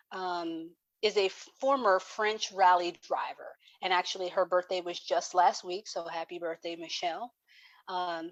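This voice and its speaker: A woman's voice: mid-range voice, dry recording. Female co-host, casual, hesitant fillers, dry muffled sound. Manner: chatty, many um fillers. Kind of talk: casual chat, reading facts.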